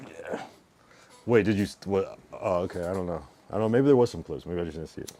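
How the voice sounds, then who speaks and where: A man casually chatting on his live stream, rambling and relaxed, with a lot of fillers and swearing. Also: low-pitched, quick pace, gravelly. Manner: laid-back, rambling, heavy use of fillers and swearing.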